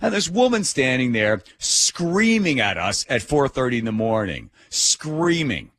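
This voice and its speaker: Animated, ranting middle-aged radio host. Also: male voice, medium pitch, unhurried. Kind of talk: talk radio storytelling. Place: radio studio.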